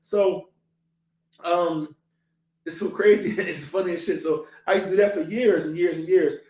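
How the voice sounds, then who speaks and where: A man's voice: sits high, moderate pace. A man from Philadelphia hosting a podcast, telling stories in casual chat with lots of swearing and laughter. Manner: animated, profane, laughing storyteller. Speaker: podcast host. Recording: roomy echoey room.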